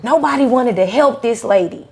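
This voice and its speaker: Podcast guest, woman, animated storyteller who acts out the voices in her stories. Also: fairly high pitch, moderate pace, slightly rough. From Charlotte, North Carolina. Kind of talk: conversational storytelling interview.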